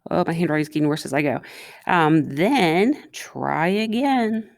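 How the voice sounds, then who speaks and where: This teacher's voice sits low, with vocal fry and lots of expression, and she keeps a measured pace. Chatting as she writes out a recorded math lesson, she asks her students questions, with no echo in the audio.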